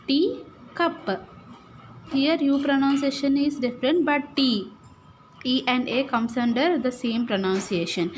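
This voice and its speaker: A woman teacher with an Indian English accent, slowly explaining syllables to young pupils and often checking that they follow. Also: sits high, slight background noise. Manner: slow, repetitive, checks understanding with "right?" and "okay". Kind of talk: classroom lesson, explaining syllables.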